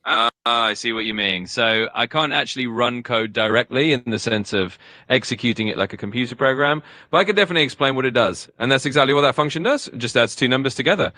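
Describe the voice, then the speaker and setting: Bright, upbeat male AI assistant voice. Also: mid-range voice, dry recording, studio quality. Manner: upbeat and eager, quick explanations. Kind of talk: conversational answers.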